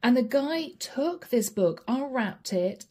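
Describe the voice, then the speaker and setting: Soft-voiced woman giving an emotional tarot reading. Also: a little high, expressive, takes it slowly, breathy edge. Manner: emotional, intimate, storytelling with soft asides. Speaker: tarot reader. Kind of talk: casual spoken tarot reading.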